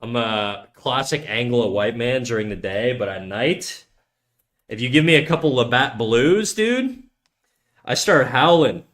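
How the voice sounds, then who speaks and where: A man's voice: medium pitch, unhurried, fairly bright tone. A man from Canada, streaming while he draws and chatting casually in crude, joking banter full of swearing. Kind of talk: casual live-stream chat while drawing.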